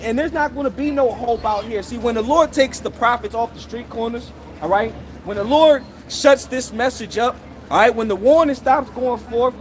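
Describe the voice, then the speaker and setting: A man's voice: extremely high pitch, slight background noise. A man street preaching outdoors in a scolding, confrontational way, tagging almost every phrase with "all right?" or "okay?". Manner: scolding, accusing listeners directly.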